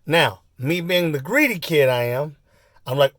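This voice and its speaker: A man in his forties telling a personal story in a casual, rambling way, full of fillers and asides, and getting animated as he acts it out. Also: fairly high pitch, unhurried, dry recording, studio quality. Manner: animated when acting out the story. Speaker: vlogger.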